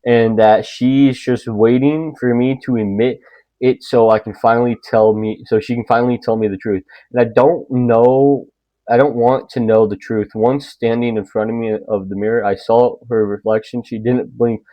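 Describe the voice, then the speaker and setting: A man reading creepy online stories aloud. He reads slowly and often breaks off into joking, rambling comments. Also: medium pitch, steady tone, dry recording, dull audio. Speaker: YouTube story reader.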